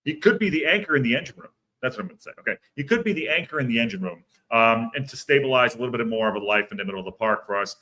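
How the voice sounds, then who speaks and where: A man's voice: mid-range voice, lively intonation, racing, sharp tone. A man hosting a casual livestream football podcast, rambling and repeating himself as he reads out viewer comments. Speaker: podcast host.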